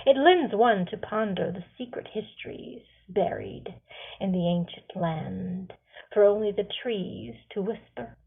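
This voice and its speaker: A woman author reading her own fantasy novel aloud, slow and hushed at the grim parts. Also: medium pitch, gravelly, husky. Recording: tinny phone-like sound.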